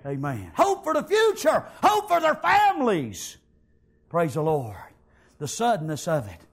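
A man preaching a fiery revival sermon in a church, punctuating nearly every line with "amen" and shouted praise. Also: sits high, huge pitch swings, unhurried, vocal fry, slightly rough.

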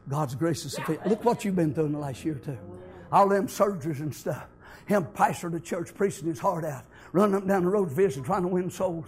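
A male preacher, telling stories in a fervent sermon that builds to impassioned shouting. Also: high voice, slightly rough.

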